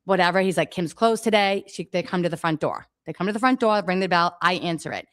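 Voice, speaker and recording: Middle-aged woman guest on a talk radio show, low voice, dry close sound, emphatic and exasperated storytelling. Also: quick pace, fairly bright tone, no room sound. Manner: emphatic, exasperated storytelling, acts out quoted exchanges. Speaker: daycare owner, guest. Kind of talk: radio interview, telling her story.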